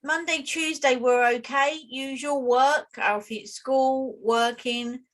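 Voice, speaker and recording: British woman co-host, kinda high voice, chatty n animated, telling a story over a laggy call. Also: takes it slowly. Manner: chatty, animated, self-deprecating. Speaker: podcast co-host. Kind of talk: casual chat, storytelling. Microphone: remote call with lag.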